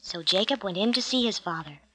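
A woman narrating a children's Bible storybook in an expressive, gentle read-aloud manner. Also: medium pitch, a little fast, dry recording, rough recording.

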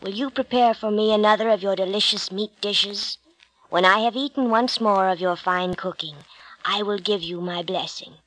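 A woman's voice: medium pitch, normal speed, fairly bright tone, lightly acted, rough recording. Isaac, old blind father, read by a woman. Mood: pleading. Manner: solemn, pronouncing a blessing.

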